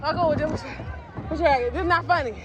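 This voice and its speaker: A woman's voice: high-pitched, brisk, lo-fi sound, over loud music. Breathless young woman vlogging at a water park. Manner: loud, laughing, swearing, playful teasing. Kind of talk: casual vlog chatter. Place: outdoor water park obstacle course. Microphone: handheld phone camera. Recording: noisy outdoor crowd audio.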